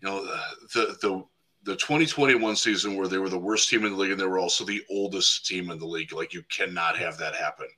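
Brief: male podcast guest, bright and forceful tone, husky, chatty and loose. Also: low voice, quick pace, poor audio. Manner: chatty, frequent 'like' and restarts. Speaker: guest football analyst. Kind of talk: casual podcast chat.

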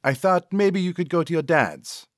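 A man's voice: on the high side, animated, moderate pace, no room sound, clean studio sound, voice pushed up, lightly acted. A man reading a story aloud, voicing a worried young woman who talks earnestly to her cousin.

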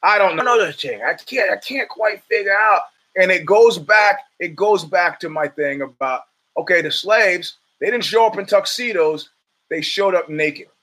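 A man hosting a podcast, talking in a rambling, animated monologue with many restarts and stammers. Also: high-pitched, moderate pace. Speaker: podcast host. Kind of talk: casual monologue.

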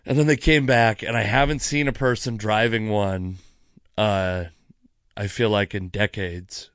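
A man hosting a podcast, telling a rambling story in a casual, animated way, cursing freely, with many asides, while sipping wine. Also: on the low side, unhurried, clear, resonant tone, no echo, clean studio sound. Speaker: podcast host.

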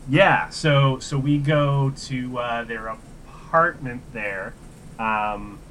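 A man's voice: medium pitch, fairly bright tone, a little hiss or hum. A man co-hosting a podcast, chatting casually about a film in a rambling way, full of fillers. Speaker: podcast co-host. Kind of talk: casual movie chat.

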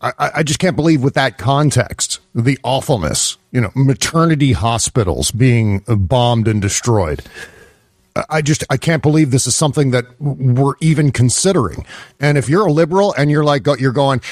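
A man's voice: mid-range voice, normal speed, no echo, clean studio sound. A man on a political podcast panel, talking in an exasperated way with frequent stammered restarts. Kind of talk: political roundtable talk.

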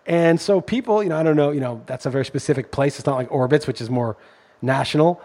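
A middle-aged man hosts a casual podcast chat, speaking fast in a fairly high, slightly mellow voice. He tells a story indignantly, ranting with rising intensity.

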